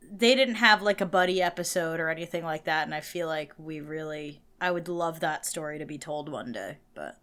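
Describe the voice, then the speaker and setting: A woman with a New Jersey accent co-hosting a podcast in casual chat, animated and laughing, acting out little quotes. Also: deep voice, moderate pace, clean tone. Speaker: podcast co-host.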